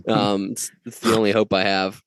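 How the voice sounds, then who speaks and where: Man, podcast guest, animated jokey delivery, dry close mic. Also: fairly low pitch, moderate pace, clear, resonant tone, no room sound. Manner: animated storyteller, mock-outraged voices. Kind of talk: casual chat.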